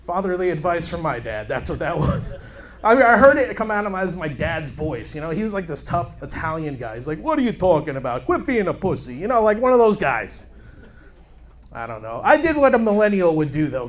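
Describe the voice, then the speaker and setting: A man in his thirties on a club stage with a handheld mic, telling crude jokes in a brash, animated way. His voice sits high and swings widely in pitch, jumping up whenever he acts out someone. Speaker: stand-up comedian. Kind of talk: stand-up comedy set. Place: comedy club stage with live audience.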